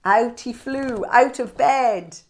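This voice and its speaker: A woman reading a picture book aloud to young children, animated and sing-song, pointing out the pictures as she goes. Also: a little high, slow. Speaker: children's storyteller.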